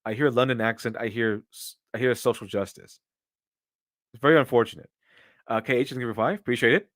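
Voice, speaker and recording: Man, middle pitch, dry close sound, rambling streamer commentary, opinionated, lots of restarts. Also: fast talker, fairly bright tone, no echo. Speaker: streamer reading viewer donations. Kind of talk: casual live-stream commentary.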